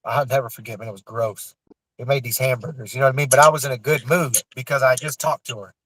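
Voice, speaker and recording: A man, telling a raw, emotional personal story with cursing and halting restarts. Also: mid-range voice, fairly even intonation, a bit bright, dry recording, poor audio. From Florida Panhandle.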